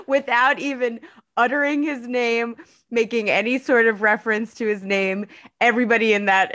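A woman's voice: lowish voice, no echo, clean studio sound. Chatty woman reporter on sports talk. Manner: chatty, lively, hedging.

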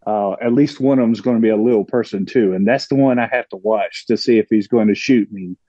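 Mellow-voiced man, dull lo-fi sound. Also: fairly low pitch, brisk, no room sound. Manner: likes to stir the pot, laughs often. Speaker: podcast guest. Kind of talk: casual conversation.

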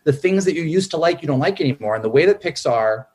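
A man in casual film talk, a screenwriter who acts out character lines in a raised, lively voice. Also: fast talker. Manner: animated, acts out character quotes in a higher voice. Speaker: screenwriter and podcast guest.

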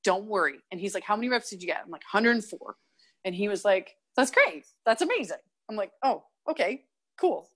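A woman's voice: medium pitch, animated, brisk, breathy edge. A young woman from Canada, a guest in a casual interview, telling stories animatedly, acting out quotes and laughing often. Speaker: guest, kettlebell athlete.

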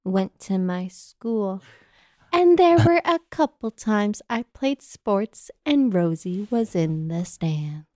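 A young woman who works in voiceover talks in casual comedic chat. Her pitch sits mid-range, and she draws out her words at an unhurried pace. Her delivery is playful, and the mic is dry. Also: animated, warm tone, dry recording. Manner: playful, giggly, drawn-out delivery. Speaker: podcast co-host, voice actor.

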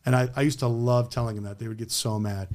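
A man's voice: medium pitch, fast talker. A man, a former car dealer, talking bluntly in an interview and acting out his customer exchanges. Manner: blunt, animated storytelling with acted customer exchanges. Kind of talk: interview conversation. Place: Las Vegas.

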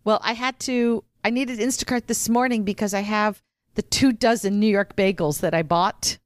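A woman's voice: mid-range voice, steady tone, moderate pace, dry recording, clean studio sound. A woman co-hosting a podcast, chatting casually and teasing, giggly, at a table microphone. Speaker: podcast co-host. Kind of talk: casual chat. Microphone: studio microphone at a table.

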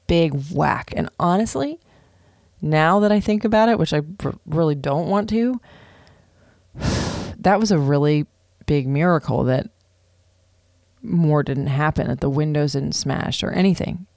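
A woman in her thirties telling a personal story to camera in an animated, casual way, full of "like" and swearing freely. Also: deep voice, dry recording, clean studio sound. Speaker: vlogger. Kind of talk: storytime monologue.

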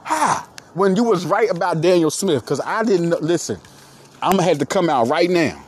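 A man's voice: a little high, expressive, normal speed, slight background noise. Hyped-up Philly man podcasting sports. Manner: hype, repetitive, calls listeners "baby". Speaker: podcast host. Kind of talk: excited solo sports podcast.

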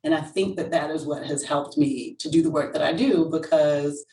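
An English woman, appearing as a guest in a casual interview, chats candidly, telling stories animatedly and laughing often. Her mellow voice sits low at a normal speed, and she's far from the mic, so the sound is roomy.

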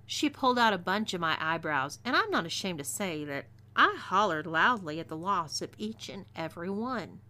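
Bright-voiced Texan woman reading a story. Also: fairly low pitch, normal speed, few pauses. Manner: twangy, expressive reading. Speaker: story narrator.

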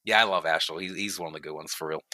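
A middle-aged man with a very deep voice talks easily through old gaming stories, full of fillers and asides. His tone has a bright, forceful bite despite the low pitch. The recording is dry and close, with no room around him. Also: very fast, dry recording. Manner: relaxed storytelling, many fillers and asides. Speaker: guest, guild leader. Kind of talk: casual podcast chat.

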